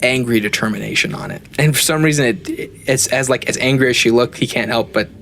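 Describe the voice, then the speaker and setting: Male game master, easygoing narration with fillers, mid pitch, faint noise. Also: fairly quick, creaky. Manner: relaxed, hesitant, frequent fillers.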